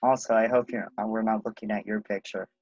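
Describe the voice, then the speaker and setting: A young man co-hosting a podcast in casual banter, laid-back and quick to laugh along. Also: lowish voice, fairly even intonation, a little mellow, no echo. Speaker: podcast co-host. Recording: dull lo-fi mic.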